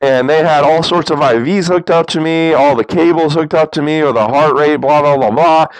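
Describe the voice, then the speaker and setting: A man's voice: fairly high pitch, a little fast, no room sound, low-quality recording. A young man who tells a long story to camera in a loose, rambling way. He often laughs and acts out what he and others said. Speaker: motovlogger.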